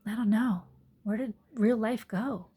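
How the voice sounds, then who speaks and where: A woman's voice: a little high, a little slow, breathy edge. A woman yoga teacher talking earnestly into her phone in a reflective personal monologue, sometimes dropping to a whisper. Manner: earnest, soft-spoken, drops to whispered asides.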